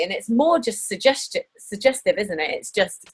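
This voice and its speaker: A woman hosting a podcast and coaching her guest in casual interview chat, chatty and quick to laugh. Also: medium pitch, husky, low-quality recording. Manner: chatty, laughs often, animated.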